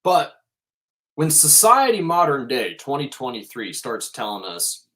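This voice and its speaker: A man's voice: mid-range voice, sing-song, unhurried, sharp tone. A man hosting a podcast, giving a casual spiritual monologue in an emphatic way and swearing freely.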